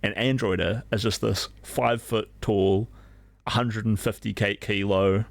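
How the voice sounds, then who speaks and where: Low, gravelly young man rambling. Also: steady tone, a little slow, no room sound. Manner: rambling, filler-heavy, profane. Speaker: streamer. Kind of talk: casual storytelling on a live stream.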